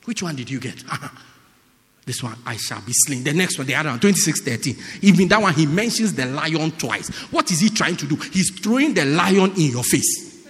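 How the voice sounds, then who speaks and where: A male pastor preaching a lively sermon in a church, acting out people's excuses and breaking into shouts. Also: on the high side, moderate pace. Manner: animated, mimics excuses, bursts into shouts. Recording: echoey church hall.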